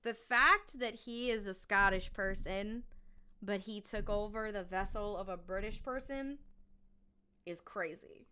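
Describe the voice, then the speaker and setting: A woman's voice: mid-range voice, unhurried, pushed and bright, clear, resonant tone. A woman co-hosting a podcast in casual chat, talking as she thinks things through. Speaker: podcast co-host.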